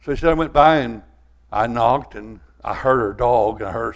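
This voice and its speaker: An older man with a drawl delivers a sermon in a folksy, storytelling way. His voice sits at an ordinary middle pitch. He swings from loud, rising lines to quiet, earnest asides. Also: brisk. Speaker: pastor.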